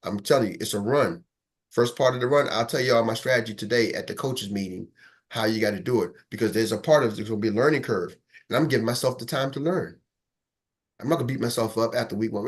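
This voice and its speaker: A man's voice: mid-range voice, quick pace. A man coaching his sales team, emphatic and preachy, driving points home with repetition and calling on listeners by name. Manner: fired-up, emphatic, preachy, repeats for punch; talks straight to a live group, calls on listeners by name. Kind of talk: motivational team coaching talk. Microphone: online meeting.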